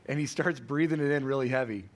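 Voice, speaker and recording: A pastor in his thirties preaches a sermon, telling a family story conversationally and correcting himself along the way. He speaks quickly in a medium-pitched voice.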